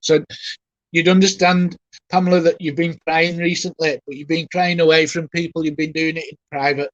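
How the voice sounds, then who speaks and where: A man with a fairly high voice gives a live mediumship reading, speaking gently and haltingly as his emotion rises. He softly reassures the person he is addressing. The sound is dry and close, with no room around it. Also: little pitch movement, no room sound, lo-fi sound. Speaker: spiritualist medium.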